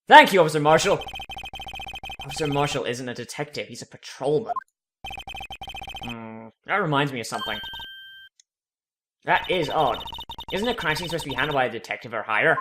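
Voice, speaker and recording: A man's voice: fairly high pitch, animated, a little fast, long pauses, a bit bright, slight background noise. A man hosting a let's play, reading game text and making wry, crude asides. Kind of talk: joking game commentary.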